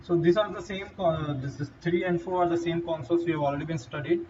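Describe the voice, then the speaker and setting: A man with an Indian English accent giving a halting whiteboard lecture, with fillers and restarts. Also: on the high side, fairly even intonation, dark tone. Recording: distant, dull lo-fi mic with faint noise.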